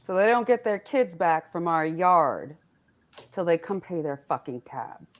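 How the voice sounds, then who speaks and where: Brash low-voiced woman player. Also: big pitch swings, unhurried. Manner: brash, swearing, confrontational. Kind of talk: in-character tabletop play.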